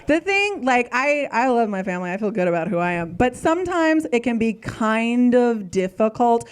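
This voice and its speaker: A woman's voice: a little high, sing-song, moderate pace, clean tone. A woman doing a stand-up comedy set in a self-deprecating, anxious, overthinking manner.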